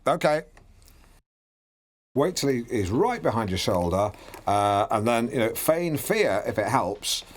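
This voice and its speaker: Brief: a bumbling, self-important male radio presenter with a mid-pitched voice. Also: very animated, a little slow, pauses often.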